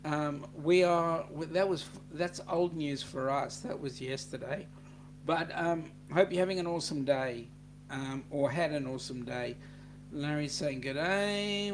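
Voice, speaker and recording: Slow, chatty Australian live-stream host. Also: medium pitch, a little hiss or hum. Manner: chatty, laid-back, with frequent "um"s and greetings. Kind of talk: live-stream chat reading out viewer comments.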